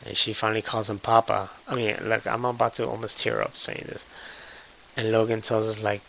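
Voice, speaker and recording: Gravelly-voiced man recapping a movie. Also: fairly low pitch, brisk, a little hiss or hum, rough recording. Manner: profane, excitable storytelling. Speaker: movie reviewer. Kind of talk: casual spoiler recap.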